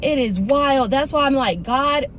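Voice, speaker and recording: A woman's voice: sits high, measured pace, noisy background. A young woman, talking casually and animatedly straight to her viewers in a vlog. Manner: animated, talks straight to viewers with "y'all" and "baby". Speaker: vlogger.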